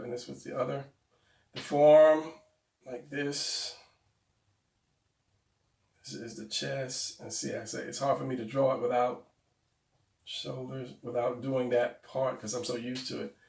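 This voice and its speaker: A man talking viewers through a drawing tutorial in a casual, rambling way, correcting himself out loud as he sketches. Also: mid-range voice, creaky, recorded from a distance. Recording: roomy, off-mic sound.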